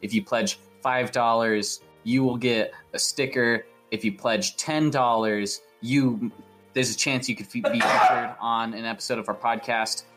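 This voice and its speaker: A man's voice: medium pitch, fairly even intonation, unhurried, over music. A man hosting a casual podcast, rambling and repeating himself as he spins absurd made-up stories. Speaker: podcast host.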